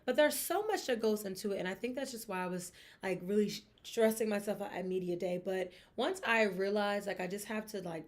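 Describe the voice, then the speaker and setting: A young woman hosting a sports podcast, talking in a chatty, expressive way with emphatic asides. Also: medium pitch, brisk, hardly any pauses. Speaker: podcast host. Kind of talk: casual sports gossip chat.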